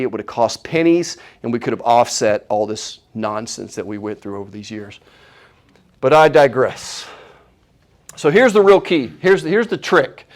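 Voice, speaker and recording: A man giving a live health seminar, opinionated and animated, asking the audience questions as he goes. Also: a little high. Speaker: chiropractor giving a health talk.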